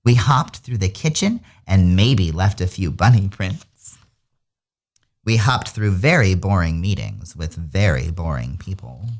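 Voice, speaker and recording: A drag queen storyteller reading a picture book aloud on the radio, with lively storybook delivery. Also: deep voice, a little slow. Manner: lively storybook reading with many character voices.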